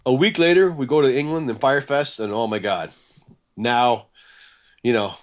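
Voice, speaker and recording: A man telling stories from his band days with lively energy, slipping into the voices of the people he quotes and leaning on easy fillers. His voice sits in an ordinary middle register. The recording is a little dull and lo-fi. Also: medium pitch, normal speed. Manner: animated, acts out quoted dialogue, chatty with fillers. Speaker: guest guitarist. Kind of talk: casual interview storytelling.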